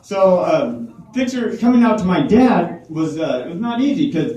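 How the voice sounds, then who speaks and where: A man's voice: sits high, sing-song, normal speed, warm tone, dull audio. A man doing a stand-up comedy set at a small club, with a rambling, filler-heavy delivery. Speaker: stand-up comic. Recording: echoey room from far off.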